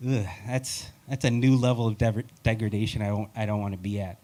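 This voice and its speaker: A man's voice: on the low side, steady tone, fast talker, warm tone. A man doing a live stand-up set, telling rambling, wry and self-deprecating stories. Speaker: stand-up comedian.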